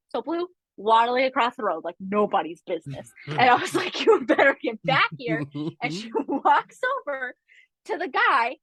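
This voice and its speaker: Podcast co-host, woman, high and expressive, chatty storyteller, dry close sound. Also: no room sound, low-quality recording. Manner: animated, chatty, with frequent asides. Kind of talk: casual chat, storytelling.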